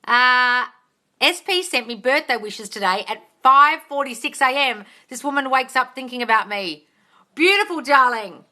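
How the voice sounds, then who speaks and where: A bright-voiced woman chats through a casual live Q&A, recorded on her phone. She is warm with her viewers, animated, swears freely and slips "darling" into her answers. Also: sits high, normal speed. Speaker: manifestation coach hosting a live stream. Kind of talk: casual live-stream Q&A, reading viewer comments.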